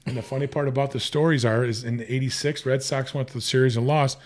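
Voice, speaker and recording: A man's voice: medium pitch, fairly even intonation, fast talker, a little mellow. A man in his fifties, a podcast guest, telling long casual stories with many restarts and fillers. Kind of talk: casual storytelling.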